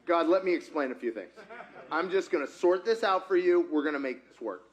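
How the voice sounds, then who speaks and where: A man's voice: fairly high pitch, animated, brisk, lo-fi sound. A man preaching an interactive sermon who talks with his congregation and acts out conversations with God. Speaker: pastor.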